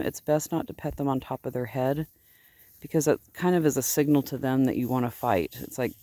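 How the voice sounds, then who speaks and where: Hosting her outdoor farm video, a sheep farmer chats and rambles in a low, warm voice with no echo. She sounds fond of her animals, slipping into baby talk with her sheep.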